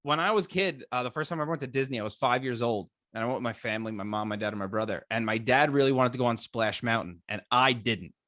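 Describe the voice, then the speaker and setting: A young man co-hosting a podcast, telling jokey stories in casual chat with playful, animated delivery. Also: medium pitch, fast talker, hardly any pauses, dry recording, clean studio sound. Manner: animated storyteller, playful put-on voices. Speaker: podcast co-host.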